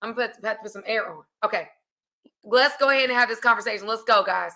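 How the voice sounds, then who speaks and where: Chatty bright-voiced American woman host. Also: on the high side, fast. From United States. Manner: lively, chatty, addresses audience as y'all. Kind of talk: casual livestream chat.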